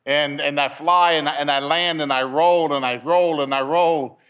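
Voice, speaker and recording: A man's voice: fairly high pitch, steady tone, normal speed, fairly bright tone, clean tone. A man giving a personal testimony at a men's meeting, telling his story in a storytelling way and repeating words as he gets caught up in it.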